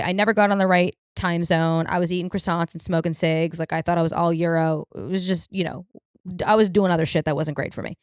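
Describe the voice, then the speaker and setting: A young woman telling comic travel stories as a host, ranting and cursing with sudden jumps up in pitch. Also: clean tone, no room sound, studio quality. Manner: fast, profane, exasperated ranting with big pitch jumps. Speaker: comedian host. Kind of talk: storytelling comedy monologue.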